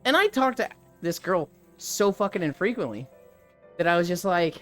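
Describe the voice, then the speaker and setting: A man's voice: high voice, big pitch swings, normal speed, fairly bright tone, soft background music. A man in his thirties, a streamer telling a story in casual talk, swearing freely and acting out the people he quotes.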